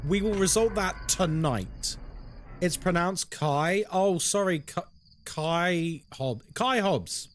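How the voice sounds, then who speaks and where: A man's voice: high-pitched, takes it slowly, soft background music. A young British man chatting casually on a live stream, reading out and answering chat. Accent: British English. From Britain. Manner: chatty, animated, reads chat aloud and answers it. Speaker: horror game streamer.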